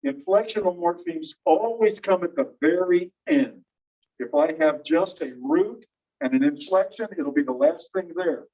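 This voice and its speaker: A man teaches a class, explaining things step by step and putting questions to his students. His voice is on the high side and mellow, at a measured pace. A phone across the room picked him up, so the recording is distant and dull.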